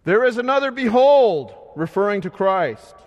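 A man preaching a sermon in a slow, measured way, his voice swelling loud and then sinking soft. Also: fairly high pitch, expressive, lo-fi sound. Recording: long hall reverb.

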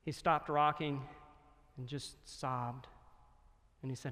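A man's voice: mid-range voice, steady tone. Earnest preaching man in a reverberant hall. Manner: earnest, slowing to a hushed, solemn delivery. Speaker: pastor. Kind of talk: sermon storytelling.

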